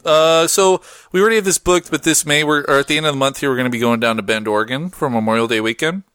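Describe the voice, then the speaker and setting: This podcast host is a fast talker with a smooth voice, keeping the casual chat laid-back and full of slang while his pitch jumps up in excitement. The studio sound is clean, with no echo.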